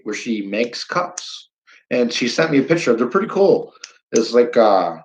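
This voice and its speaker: A man's voice: medium pitch, lo-fi sound, a little hiss or hum. A man hosting a live stream, chatting casually with viewers, reading their comments aloud and repeating himself as he rambles.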